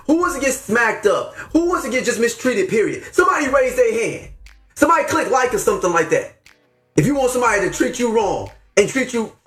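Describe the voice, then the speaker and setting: Fervent high-voiced man preaching. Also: a bit bright, roomy sound. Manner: fervent, preachy, slangy, rising to exclamations. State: upset, near tears. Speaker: podcast host. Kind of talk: impassioned faith talk.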